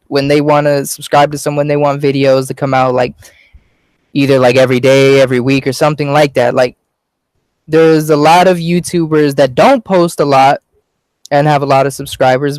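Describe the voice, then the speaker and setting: Rambling young man, bit high, dry sound. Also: a little mellow, no echo, rough recording. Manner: rambling, filler-heavy, easygoing. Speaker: youtuber being interviewed. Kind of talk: casual chat.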